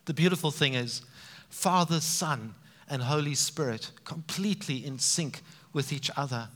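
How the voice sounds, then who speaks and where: Animated male preacher in a reverberant hall. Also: a little high, normal speed. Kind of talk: sermon.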